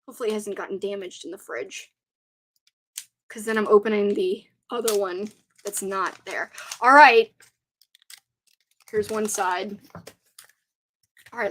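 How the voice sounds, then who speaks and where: A young woman hosting a casual live stream, chatting excitedly and reading out viewer comments. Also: on the high side.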